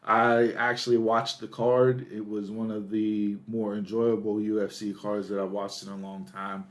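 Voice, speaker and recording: A man in his thirties chatting casually as a podcast co-host. He tells stories with animated energy and gets louder and higher when he reaches a punchline. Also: normal speed. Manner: animated storytelling, rising excitedly at punchlines.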